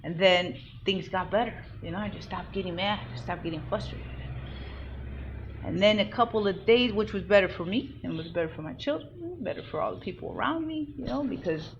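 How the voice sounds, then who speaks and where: A woman in a raw personal monologue, blunt and emphatic with heavy swearing, at times rising to loud outbursts. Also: medium pitch, expressive, a little fast. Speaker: vlogger sharing personal growth. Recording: dull lo-fi recording with faint background noise.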